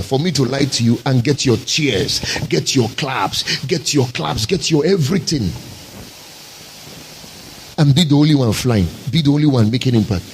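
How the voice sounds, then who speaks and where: A man's voice: medium pitch, a little hiss or hum, low-quality recording. A man pastor, preaching a sermon with emphatic, rhetorical repetition.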